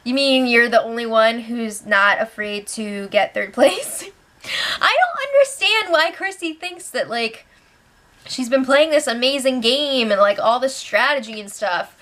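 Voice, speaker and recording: A woman's voice: fairly high pitch, a little slow, fairly bright tone. Chatty, giggly woman recapping a show. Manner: chatty and giggly, with sarcastic asides. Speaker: reality show recap host. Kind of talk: casual spoken recap of show updates.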